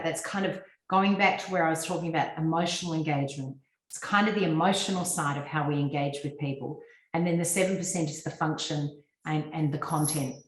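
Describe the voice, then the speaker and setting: Over a video call, a guest speaker on personal branding, an Australian woman, gives a presentation to a business audience. Her pitch is low, the room echoes, and the recording sounds rough. The talk is fluent and instructive but peppered with frequent ums.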